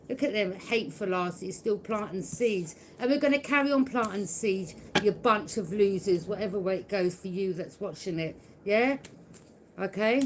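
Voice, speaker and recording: A woman's voice: medium pitch, slight background noise. A woman giving a live tarot reading. She taunts unseen enemies, laughs at them mockingly and keeps checking in with "yeah?". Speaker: tarot reader.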